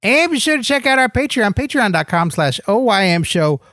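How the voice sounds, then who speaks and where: Man playing a goofy sidekick wrestler, naive, chipper, lively pitch, dry close sound. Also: a little fast, no echo, heavily acted. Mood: upbeat. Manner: cheerful, naive, doing sponsor reads. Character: dim, earnest male wrestler sidekick. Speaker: comedy podcast co-host. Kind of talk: improvised comedy podcast banter.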